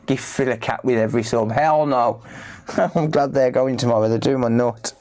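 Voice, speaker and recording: A man's voice: medium pitch, fairly even intonation, unhurried, a little mellow. A man with a British accent chatting casually on a repair livestream, coaxing and playful. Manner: chatty, coaxing, talks to pets with playful asides. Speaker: repair streamer.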